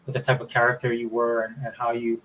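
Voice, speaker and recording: Male host, casual gaming chat, rambling excited delivery, tosses in "dude" and "man". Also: medium pitch, fast talker, slight background noise, low-quality recording. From Florida. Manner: rambling and enthusiastic, says dude and man a lot. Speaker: show host.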